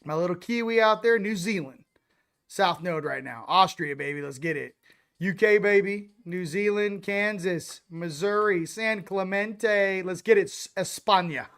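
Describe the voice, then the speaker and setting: High, smooth-voiced hyped male streamer. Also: unhurried. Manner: hyped, shouting out viewer locations; loose, rambling, repeats "ladies and gents". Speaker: host. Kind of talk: casual livestream chat.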